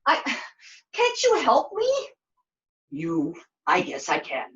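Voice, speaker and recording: A woman puppeteer voicing a chatty, excitable young girl who talks in quick, sassy bursts during a puppet show. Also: a little high, dull audio, full character voice. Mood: sassy, excited. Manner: breathless, sassy, quick to exclaim.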